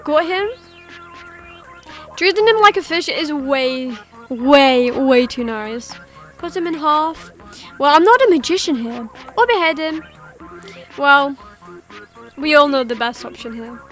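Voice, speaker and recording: A woman's voice: high voice, big pitch swings, takes it slowly, pauses often, fairly bright tone, soft background music, exaggerated voice. A woman doing a sing-song sadistic girl host. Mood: gleeful. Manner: sing-song, mocking, coldly sweet. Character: cheerful sadistic girl hosting a show. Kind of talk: reading game dialogue aloud.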